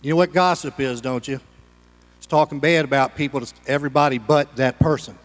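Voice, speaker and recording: A man's voice: mid-range voice, fairly even intonation, brisk, long reverb tail. A man preaching a sermon as pastor, folksy and conversational, with homespun humor.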